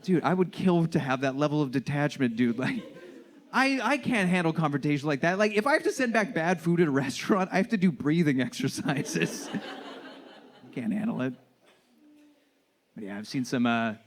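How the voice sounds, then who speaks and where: A young man doing a stand-up set, telling self-deprecating stories and acting out shouting strangers. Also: medium pitch. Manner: storytelling, self-deprecating, acts out shouting characters. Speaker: stand-up comedian. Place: comedy club stage with laughing audience.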